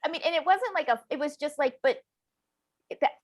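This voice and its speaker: An American woman author in a conversational interview, animated and laughing, quoting others in mocking voices. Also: sits high, brisk. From United States. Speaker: author guest.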